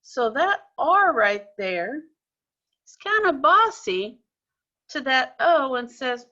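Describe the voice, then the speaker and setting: A woman's voice: high voice, very animated, slow pace, pushed and bright, lo-fi sound. A woman teaching young children, explaining patiently step by step in a recorded lesson.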